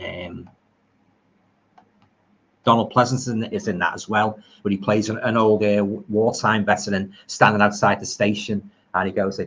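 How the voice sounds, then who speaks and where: This horror film streamer is a middle-aged man with a Liverpool accent who, live from home, reads viewers' comments and rambles enthusiastically about old films using homely phrasing. His fairly low voice is slightly rough and fairly bright, with fairly even intonation and a moderate pace.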